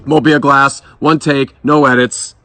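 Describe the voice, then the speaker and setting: A man in his thirties with a Boston accent and a slightly hoarse voice, joking and swearing freely through a casual beer review vlog outdoors in his yard. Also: medium pitch, flat delivery, a little slow, background noise. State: voice a bit hoarse. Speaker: beer vlogger.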